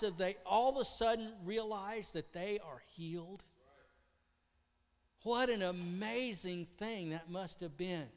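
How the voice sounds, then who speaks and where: A man preaching a sermon, telling a story with great animation, acting out voices and swinging between loud outbursts and hushed lines. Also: sits high, big-room sound. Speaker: pastor.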